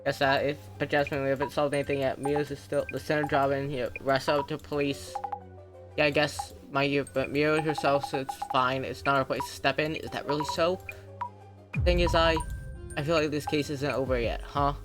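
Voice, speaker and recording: A streamer reads the dialogue of a story game aloud on a live stream. The voice is plain and mid-pitched. Game music plays clearly underneath. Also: little pitch movement, normal speed.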